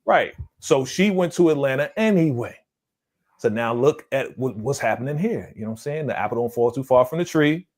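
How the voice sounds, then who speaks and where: A man hosting a casual live-stream discussion with a lively, swinging voice. He talks loosely, laughs a lot and hammers his points home by repeating them. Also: medium pitch, a little fast. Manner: animated, laughs often, repeats phrases for emphasis. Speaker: host of a live show recap.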